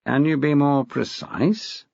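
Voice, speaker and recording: Male reader does a smug, testy head teacher, husky and dry-sounding. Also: on the high side, slow pace, a little mellow, no echo, heavily acted. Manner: smug, acid. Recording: dull dry lo-fi recording.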